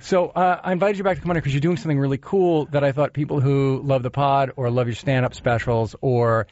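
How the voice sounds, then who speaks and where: A man hosting a podcast, chatting and teasing his guest in a halting way full of fillers. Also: mid-range voice, steady tone, darkish tone, lo-fi sound. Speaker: podcast host. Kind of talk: casual interview chat.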